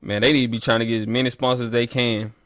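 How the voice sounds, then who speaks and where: A man's voice: mid-range voice, rapid-fire, no room sound, clean studio sound. Teasing man trash-talking on a livestream. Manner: playful trash talk, teasing, rising to loud animated bursts. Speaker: livestream host reading chat. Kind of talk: casual livestream chat.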